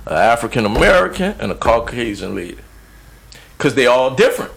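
A man co-hosting a podcast in casual chat, telling stories with animated asides. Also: mid-range voice, brisk, creaky. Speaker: podcast co-host.

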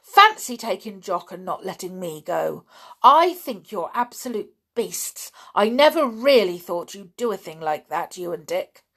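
Woman reader as hurt, angry girl, accusing tone, gravelly edge. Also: medium pitch, big pitch swings, unhurried, pushed and bright, exaggerated voice. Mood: furious. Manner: indignant, accusing.

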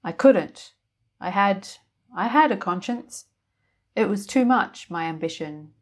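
A woman's voice: medium pitch, lively intonation, unhurried, pitched above the performer's own voice. A woman voicing a twitchy, guilt-ridden male wizard who stammers and breaks off mid-sentence. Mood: anguished.

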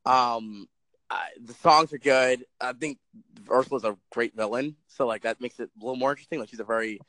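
A man's voice: mid-range voice, brisk, a bit bright, no room sound, poor audio. A young man co-hosting a casual chat, rambling with lots of fillers, swearing and laughing often. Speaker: podcast co-host.

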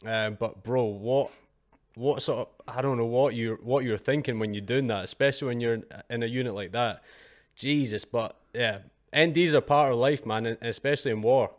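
A man from the United Kingdom hosts a podcast conversation. He talks casually, with lots of fillers and restarts. His voice sits at an ordinary middle pitch. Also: normal speed. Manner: hesitant, many fillers and restarts, casual slang. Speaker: podcast host. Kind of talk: casual interview chat.

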